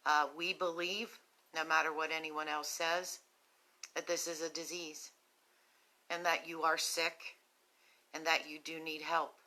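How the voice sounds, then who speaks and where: A West Virginian woman speaks into her phone on a live stream, low and steady in pitch, with a bright, clear tone. She is sick with a cough and has a cough drop in her mouth, and she talks slowly and gently to people struggling with addiction, filling the pauses with ums. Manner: slow, gentle and compassionate, with frequent ums. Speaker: host of a recovery nonprofit's live video. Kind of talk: earnest live-stream talk to viewers.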